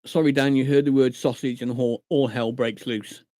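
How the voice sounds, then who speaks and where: A man's voice: mid-range voice, steady tone, normal speed, warm tone, dry recording, clean studio sound. A man from Shropshire, chatting casually on a live stream, swearing and laughing often. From England, Shropshire. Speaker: livestreamer.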